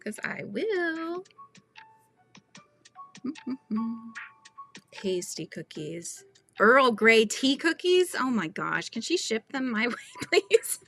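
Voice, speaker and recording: A woman's voice: a little high, very animated, drawn-out words, creaky, pauses often, fairly bright tone, soft background music. A woman hosting a casual live stream, chatting and giggling as she reads viewer comments aloud. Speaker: livestream host chatting with viewers. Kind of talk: casual live-stream chat while crocheting.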